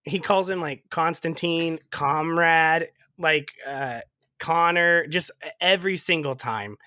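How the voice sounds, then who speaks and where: Young guy on a podcast, kinda high voice, dry close mic, keeps cracking up as he recaps. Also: slow pace, bright, forceful tone, no echo. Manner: laughs often while retelling scenes, swears. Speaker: podcast co-host recapping a movie. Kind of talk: casual chat.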